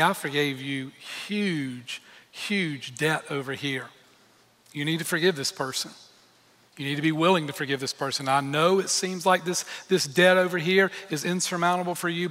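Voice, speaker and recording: A man voicing God, who speaks softly and tenderly, offering reassurance, within a sermon. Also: on the high side, fairly even intonation, fast, natural voice. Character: God gently addressing a wayward man. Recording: long hall reverb.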